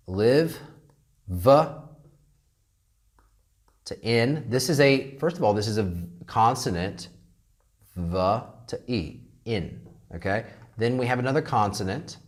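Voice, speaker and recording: A man teaching an English grammar lesson, drilling phrases and checking in with "okay?" over and over. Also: mid-range voice. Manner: repeats phrases slowly to model pronunciation.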